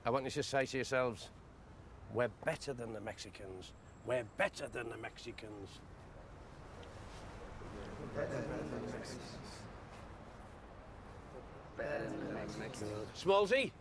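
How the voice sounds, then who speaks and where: An actor playing a hapless, blustering middle-aged football manager who gives gruff, blunt pep talks. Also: male voice, mid-range voice, sing-song, brisk, few pauses, a crowd in the background, natural voice. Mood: rallying. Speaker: national football team manager. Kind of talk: film acting.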